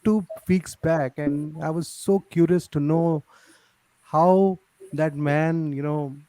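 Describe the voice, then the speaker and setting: Man host, effusive and fond, mellow tone, slightly high, dry close sound. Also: fairly even intonation, takes it slowly, no room sound, poor audio. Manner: warm, effusive, with many "you know" fillers. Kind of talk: live session remembrance.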